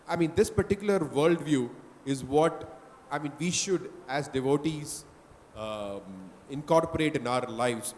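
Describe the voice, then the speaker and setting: A man's voice: a little high, darkish tone, big-room sound, a little hiss or hum. A man discussing scripture in a class, thoughtful and hesitant, with many fillers.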